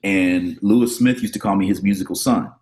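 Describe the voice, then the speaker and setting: Man telling animated stories as a guest. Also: low-pitched, a little fast. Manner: animated storyteller, acts out quoted voices. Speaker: podcast guest, drummer and educator. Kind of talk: casual storytelling interview.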